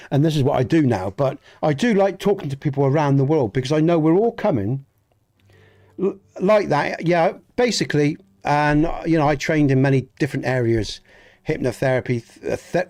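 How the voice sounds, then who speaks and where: A middle-aged English man from the southwest with a clear Dorset accent. He talks casually and earnestly to his live-stream audience, trailing off and restarting, and breaks off to greet viewers in the chat. His voice sits at an average pitch. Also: a little mellow. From southwest England. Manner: rambling and earnest, many restarts, speaks to chat by name. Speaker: gaming streamer.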